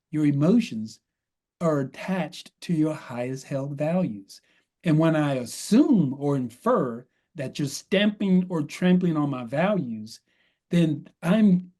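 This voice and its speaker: Guy on a podcast talking thru advice step by step, keeps saying right?, bit high, mellow tone. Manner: explains in numbered steps, often ends with "right?". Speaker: guest coach on workplace conversations.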